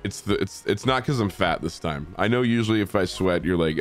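A young man with a very deep voice and a stuffy head cold commentates his baseball video game in a loose, excitable way. He swears freely, mocks the players and shouts at the screen, with faint game music playing under him. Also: fairly quick, few pauses. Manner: excitable, profane, trash-talking the game. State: congested from a cold. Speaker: gaming streamer. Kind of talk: casual gameplay commentary.

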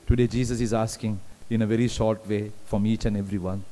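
A man's voice: lowish voice, steady tone, fast talker, hardly any pauses, dark tone, a little hiss or hum. A man preaching a sermon, repeating phrases and putting questions to the congregation. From Sri Lanka. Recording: long hall reverb, live stream.

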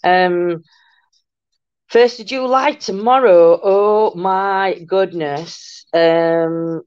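Brief: older woman, livestream host, giggly and warm-hearted chat, lo-fi dry mic. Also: fairly low pitch, very slow, clear, resonant tone, dry recording. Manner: chatty, greets viewers with endearments, giggly. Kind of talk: casual live chat reading comments. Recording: muffled lo-fi dry room sound.

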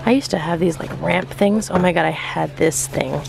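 A young woman, vlogging casually from her car and around stores, rambling and indecisive, getting excited as she talks. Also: on the low side, moderate pace, gravelly, noisy background. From California. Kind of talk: casual vlog chat.

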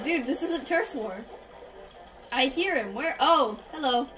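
High-voiced woman yelling through gameplay. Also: expressive, measured pace, far from the mic, low-quality recording. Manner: reactive, exclamatory, laughs at herself. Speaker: gaming YouTuber. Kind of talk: gameplay commentary. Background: game music.

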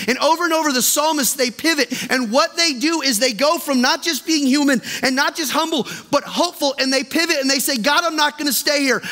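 A man preaching as pastor in a church, impassioned and then dropping soft and low to plead with the congregation. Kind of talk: sermon. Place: church sanctuary. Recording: long reverb of a church hall.

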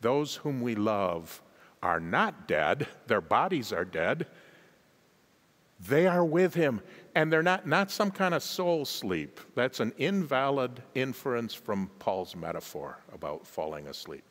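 Male guest preacher, lively rise and fall, urges the congregation to respond, long church reverb. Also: mid-range voice, slow pace. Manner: emphatic, calls on the congregation to respond; chuckles at his own asides. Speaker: guest pastor. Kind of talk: sermon. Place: large church sanctuary.

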